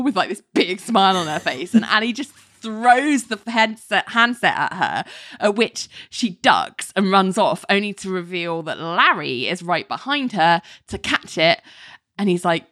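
A woman's voice: mid-range voice, animated, normal speed, fairly bright tone, no echo, studio quality. A woman casually recapping a TV episode, quoting the characters' lines in light voices and laughing often. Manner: laughs often while talking. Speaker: podcast co-host.

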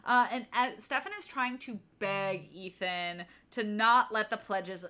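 A woman's voice: mid-range voice, a little slow, pushed and bright. A woman co-hosting a casual book-recap podcast, exasperated and ranting, swearing freely. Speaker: podcast co-host.

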